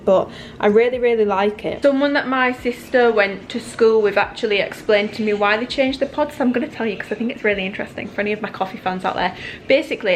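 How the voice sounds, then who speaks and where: A young Englishwoman in her early twenties talks to the camera in a relaxed, meandering way, sprinkling "like" through every thought. Her voice sits at an ordinary middle pitch, and she keeps up a chatty vlog flow while she potters around her kitchen. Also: slight background noise. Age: early 20s. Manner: chatty and rambling, with lots of "like". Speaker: fitness vlogger. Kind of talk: casual vlog chat.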